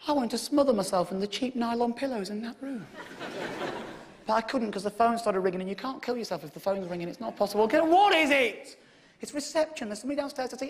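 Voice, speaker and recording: A man in his thirties from England doing stand-up in a theatre, telling a story and shouting and swearing at the audience. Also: very high-pitched, fast talker. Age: 30s. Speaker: stand-up comedian. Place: theatre stage with a live audience. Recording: live theatre recording with audience and background noise.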